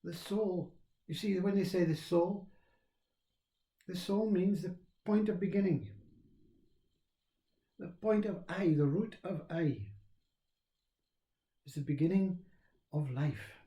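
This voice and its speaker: A man giving a slow, reflective spiritual talk on self-inquiry, repeating phrases as he teaches. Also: high voice, warm tone, echoey room.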